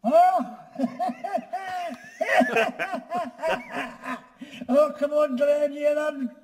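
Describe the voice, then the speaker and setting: A man's voice: very slow, a loud crowd, exaggerated voice. An older man voicing a cheeky little lamb puppet, his head inside a wastepaper basket for an echo. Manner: cackling, high and shouty.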